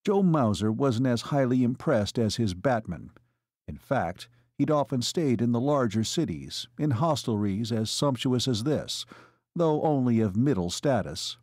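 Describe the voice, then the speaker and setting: A man narrating a novel as an audiobook, in a measured storytelling manner. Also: medium pitch, lively intonation, darkish tone, no echo, studio quality. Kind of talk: scripted narration.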